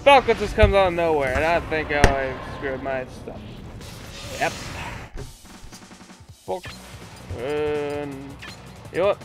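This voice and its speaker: A teenage boy casually commenting on his video game play, goofy and excitable, swearing and breaking into silly shouts. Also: fairly high pitch, slow, pauses often. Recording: loud game music under voice. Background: video game music.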